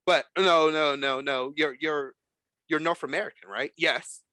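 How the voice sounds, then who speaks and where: A man hosting a casual podcast chat, talking in an animated, emphatic way. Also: on the high side, unhurried, no echo. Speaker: podcast host.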